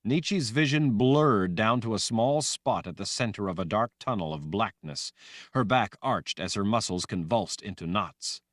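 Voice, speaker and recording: A man reading a fantasy audiobook aloud in a dramatic, expressive way. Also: lowish voice, unhurried, dry recording, studio quality. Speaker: audiobook narrator. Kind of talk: scripted fantasy audiobook narration.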